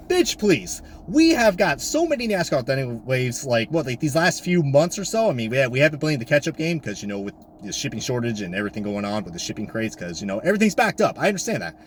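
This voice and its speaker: Ranting man, lively high voice. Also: fast, hardly any pauses, a little hiss or hum. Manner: loud, swearing, exasperated, swings from high shouts to low mutters. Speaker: diecast collector vlogger. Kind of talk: profane comedic rant. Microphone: camera mic.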